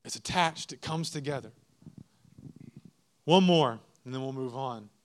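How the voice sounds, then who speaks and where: A pastor preaching a sermon, emphatic, repeating key phrases and asking the congregation questions. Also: male voice, medium pitch, a little slow.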